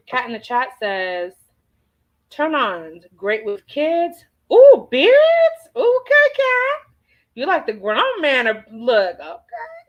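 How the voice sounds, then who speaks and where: A woman chats slowly with her livestream viewers, her fairly high voice swinging up and down with lively expression. She reads their comments aloud and answers each with playful asides and exclamations. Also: poor audio. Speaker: livestream host reading viewer chat. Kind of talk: casual chat.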